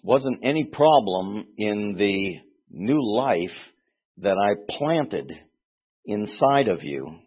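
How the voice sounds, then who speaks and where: A man with a low, husky voice teaches scripture with earnest explanation, stopping to restart phrases and leaning hard on single words. The sound is thin and tinny, like a phone line. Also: expressive, takes it slowly. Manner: earnest, explanatory, with frequent restarts and emphatic stresses. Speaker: Bible teacher. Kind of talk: expository Bible teaching.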